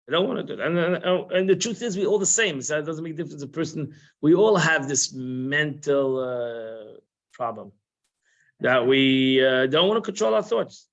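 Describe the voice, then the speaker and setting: A man's voice: fairly high pitch, lively intonation, moderate pace. A man giving an informal Torah lesson, conversational and repetitive, sprinkling in Hebrew and Yiddish terms. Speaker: Torah class teacher. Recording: muffled live-stream audio.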